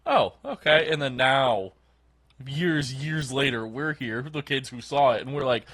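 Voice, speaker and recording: A man's voice: medium pitch, fairly even intonation, measured pace, fairly bright tone, no echo. A man co-hosting a casual podcast, jokey and putting on voices for quotes. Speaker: podcast co-host.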